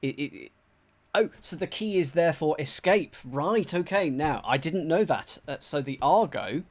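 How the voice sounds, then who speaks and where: A man from England streaming live as he solves a crossword, thinking aloud in a chatty, animated way and greeting his viewers. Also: a little high, moderate pace.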